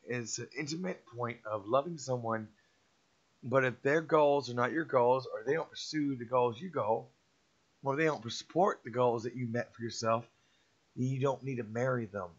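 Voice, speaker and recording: A man's voice: medium pitch, a bit bright. Emphatic middle-aged man, lo-fi recording. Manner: emphatic, repetitive, preachy. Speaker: vlogger giving a motivational talk. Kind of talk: rambling motivational monologue. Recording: dull lo-fi sound.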